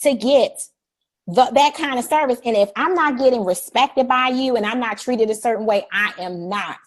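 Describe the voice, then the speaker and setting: A middle-aged woman hosting a live stream, talking in an energetic, preachy way, repeating "y'all" and acting out polite phrases. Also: on the high side, normal speed. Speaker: host. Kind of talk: energetic livestream talk.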